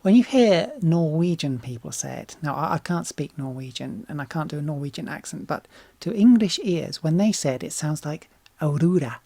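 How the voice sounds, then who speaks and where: A woman, a singer hosting her own reaction channel, talking candidly and casually, swearing freely and sometimes dropping into soft asides. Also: sits low, animated, moderate pace, gravelly, no echo. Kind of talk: casual reaction vlog talk.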